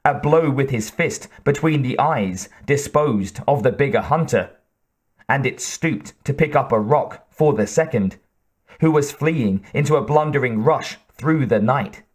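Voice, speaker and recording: Slow, measured male audiobook narrator. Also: medium pitch. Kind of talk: scripted narration.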